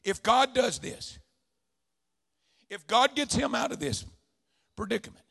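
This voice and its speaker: A man preaching a sermon, swinging between hushed, low storytelling and shouted, fervent declarations. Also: expressive, a little slow, gravelly, husky.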